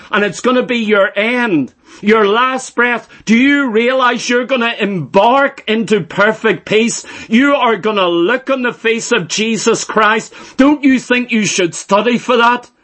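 A man's voice: very high voice, a bit bright. A middle-aged man preaching a sermon, emphatic and repeating phrases for stress.

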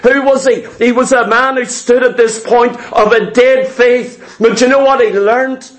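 Slow, high-voiced male preacher. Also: steady tone. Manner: emphatic and repetitive, often asks "do you know what". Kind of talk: sermon.

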